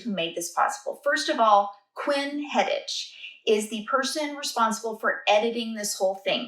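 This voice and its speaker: A woman's voice: mid-range voice, fairly bright tone, distant mic. A woman drama teacher introducing an online school play to its audience, upbeat and grateful as she thanks the people who helped. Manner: upbeat and grateful, plainly spoken. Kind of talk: prepared introduction to an online show. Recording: roomy sound from away from the mic.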